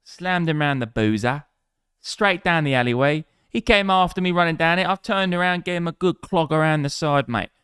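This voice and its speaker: A man putting on a high, loud Cockney voice as a crude, swaggering pub brawler. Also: normal speed, clean tone, no room sound, studio quality, lightly acted. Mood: boastful. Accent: Cockney, put on.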